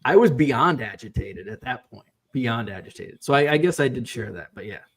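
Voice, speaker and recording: A man telling a story casually, acting out the quoted lines with lively shifts in his voice. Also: mid-range voice, normal speed. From Midwestern US. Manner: animated, acts out quoted voices. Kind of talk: casual storytelling on a live stream.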